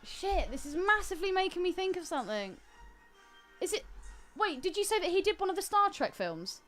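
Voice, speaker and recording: Animated, high-voiced woman. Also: brisk, soft background music. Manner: animated, teasing, argumentative. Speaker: podcast co-host. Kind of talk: casual chat.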